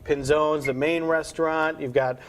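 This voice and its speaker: Man, morning TV host, slightly higher voice, easy conversational tone. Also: steady tone, normal speed, a little hiss or hum. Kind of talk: interviewing a guest chef. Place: TV studio.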